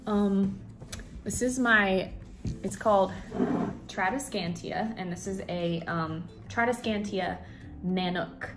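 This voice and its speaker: A vlogger chats enthusiastically in a home how-to video from her home office, speaking slowly in a medium-pitched voice and using plenty of fillers. She's breathing heavily, and the room is echoey with faint music in the background.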